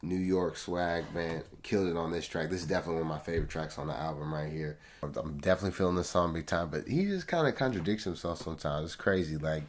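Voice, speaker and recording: This reviewer goes through an album song by song, chatting casually in slang to his audience. His voice sits low and moves fast with hardly any pauses, over faint background music.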